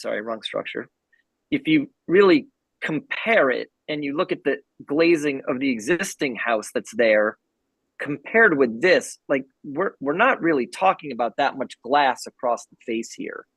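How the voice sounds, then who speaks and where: Man, architect type, presenting to a town commission, restarts a lot, husky and dry. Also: mid-range voice, animated, a bit bright, no echo, poor audio. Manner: earnest, halting with restarts. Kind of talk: public meeting presentation.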